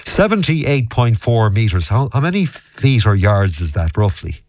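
A man's voice: fairly low pitch, sing-song, normal speed, darkish tone, a little hiss or hum. A man hosting a local radio show, chatting easily and reading out listener texts. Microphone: studio mic.

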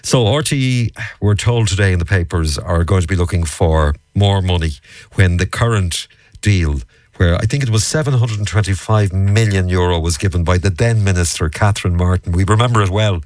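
An Irish man hosting a radio phone-in, brisk and quick to cut in and push back on callers. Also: low voice, darkish tone, no room sound. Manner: brisk, cuts in and pushes back. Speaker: radio talk show host.

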